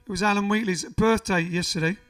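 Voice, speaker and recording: A man's voice: high-pitched, fairly even intonation, brisk, a bit bright. A man hosting a band livestream from a living room, chatting casually and rambling as he reads out viewer comments. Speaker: band frontman and livestream host. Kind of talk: casual livestream chat between songs. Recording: voice a little far from the mic, faint music behind.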